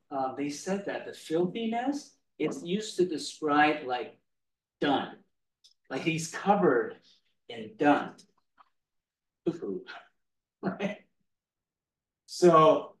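A man gives a relaxed, conversational sermon, slow and unhurried, often laughing and tossing in "right?" His voice sits a bit high and is heard from some distance in a roomy, echoing hall. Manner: chatty, laughs often, keeps asking "right?". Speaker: preacher. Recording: echoey room, mic far off.

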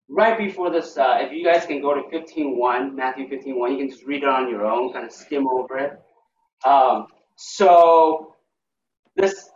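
Slow-talking pastor in a roomy room. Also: male voice, mid-range voice. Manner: halting, many fillers and restarts, asks the group questions. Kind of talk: casual Bible teaching. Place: church room. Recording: roomy, distant, dull lo-fi recording with faint noise.

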